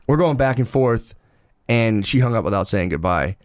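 A man's voice: fairly low pitch, expressive, normal speed. A man telling casual stories with a lot of profanity. He laughs often and acts out quotes in a raised voice. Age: adult father. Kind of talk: casual storytelling chat.

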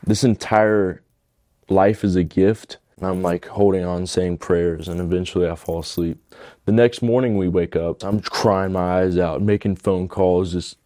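A young man telling a personal conversion story in a halting, emotional way. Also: sits low, steady tone, warm tone, dry recording, studio quality. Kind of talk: personal testimony.

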